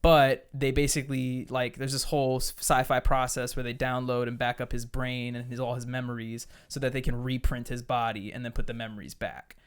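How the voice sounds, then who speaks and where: A man with a smooth, resonant voice talks loosely about a film on a podcast, upbeat and rambling, peppering his sentences with fillers and cuss words. His pitch sits in an everyday middle range. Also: flat delivery, a little fast, few pauses. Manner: rambling, enthusiastic, heavy on fillers and swearing. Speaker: podcast host. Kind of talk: casual chat.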